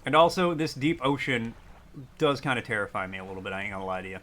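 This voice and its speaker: A man's voice: mid-range voice, animated, quick pace, a bit bright. A young man chatting casually while streaming a game, joking, rambling and reacting to chat.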